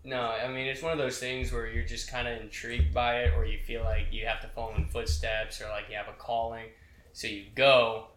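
A man's voice: medium pitch, flat delivery, brisk, roomy sound, background noise. A young man, a military veteran, telling profane boot camp stories in casual chat with friends, laughing as he goes.

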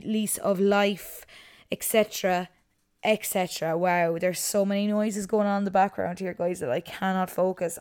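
A woman, hosting a casual solo podcast from her couch at home, chatty and animated. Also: mid-range voice, clear, resonant tone. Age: 20s. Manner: chatty and animated, breaks off to scold her dog. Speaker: podcast host. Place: living room at home, on the couch.

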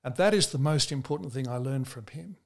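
An earnest man from Australia tells stories and makes his points at a measured pace. He leans on his key words and slows down to stress them. His voice sits at an ordinary middle pitch. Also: vocal fry. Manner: measured, earnest storytelling with slow emphatic stresses. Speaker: preacher. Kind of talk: interview answers.

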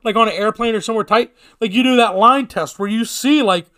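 A man telling a long story in casual, profane chat, poking fun at himself and getting more animated as it goes. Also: sits high, brisk, no room sound, studio quality.

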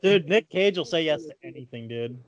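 A man's voice: a little high, expressive, fairly quick, lo-fi sound. A man in a casual podcast chat who cracks crude jokes. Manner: crude joking.

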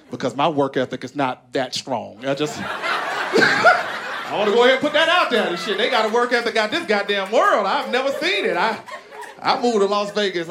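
On stage at a large comedy venue, a comedian from Arkansas with a Southern drawl delivers a profane, lively set to a live audience. Big pitch swings carry him into character voices, and the recording picks up the crowd's laughter and noise.

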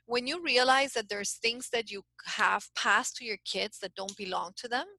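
A woman's voice: on the high side, normal speed, no echo, poor audio. A middle-aged woman coach telling a story in a casual interview, talking in bursts with frequent restarts. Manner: animated storyteller, many restarts. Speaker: guest coach.

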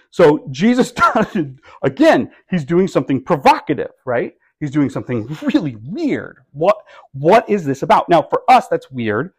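A man's voice: a little high, darkish tone. A man preaching a sermon in a conversational way, with wry asides and rhetorical questions to the congregation. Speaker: pastor.

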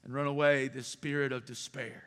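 A middle-aged man preaches from the pulpit. His voice sits at an ordinary pitch for a man, and he talks in an earnest, confiding way, stacking up repeated phrases for emphasis. A long hall reverb trails behind every word. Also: little pitch movement, moderate pace, fairly bright tone, clear, resonant tone. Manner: earnest and personal, builds to rising emphatic repetition. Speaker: pastor. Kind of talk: sermon. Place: church sanctuary.

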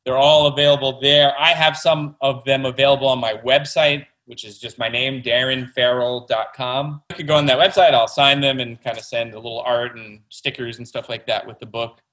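A man's voice: medium pitch, fairly even intonation, brisk, hardly any pauses, a bit bright, low-quality recording. A man, a children's book author, chatting enthusiastically as an interview guest. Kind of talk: casual interview talk.

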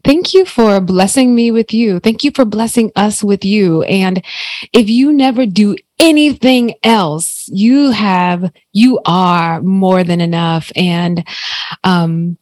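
A woman's voice: mid-range voice, slow, darkish tone, no room sound. A woman hosting a podcast as a life coach, talking in an effusive, emotional and affirming way. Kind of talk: warm interview chat.

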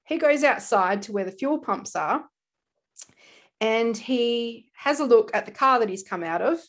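Animated Australian woman telling a crime story. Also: on the high side, unhurried. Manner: animated storyteller, laughs often, slips into quoted voices. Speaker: podcast co-host. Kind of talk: casual true-crime podcast chat.

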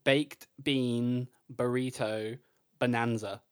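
A man co-hosting a casual podcast, inventing silly sports in a deadpan way and laughing often. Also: mid-range voice, slow pace, clear, resonant tone. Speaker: podcast co-host. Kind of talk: casual chat.

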